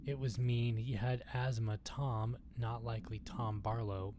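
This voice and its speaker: A man streaming a video game speaks unhurriedly with a flat delivery and a mid-range voice, reading in-game documents aloud and swearing at the action. He sometimes drops to a whisper, and the stream is noisy with game ambience.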